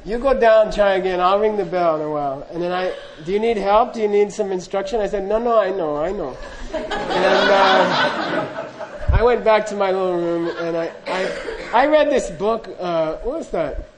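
A man's voice: high-pitched, moderate pace, a crowd in the background, noisy background. A middle-aged man telling a humorous, self-deprecating story to an audience in a loose, anecdotal way, acting out the dialogue. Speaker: speaker recounting monastery training.

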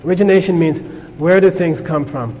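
A man's voice: on the high side, a little fast, darkish tone, long reverb tail, a little hiss or hum. A man teaching a Buddhist class in a conversational way, checking in with his listeners with frequent "okay?". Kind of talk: informal class lecture.

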